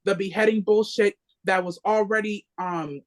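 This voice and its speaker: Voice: medium pitch, fairly even intonation, normal speed. A reading group member talking passionately, repeating phrases for emphasis. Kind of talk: impassioned casual discussion.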